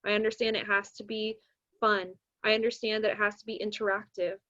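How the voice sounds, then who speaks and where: A woman's voice: mid-range voice, a little fast. A young woman, a math teacher, telling a story in casual podcast talk and acting out the voices of the people she quotes. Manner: animated, acts out quoted voices. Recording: dull lo-fi recording.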